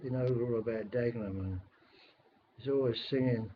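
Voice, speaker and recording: A man's voice: mid-range voice, moderate pace. An older man with a London accent rambles and grumbles his way through a casual webcam chat. The webcam audio is dull and lo-fi, with a faint hiss underneath. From England. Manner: rambling, grumbling, swears mildly. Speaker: webcam caller. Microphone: webcam microphone.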